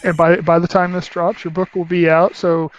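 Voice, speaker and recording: A man hosting an interview, asking questions in a relaxed, hesitant way with many fillers. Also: high voice, moderate pace. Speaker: podcast host. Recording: dull lo-fi sound.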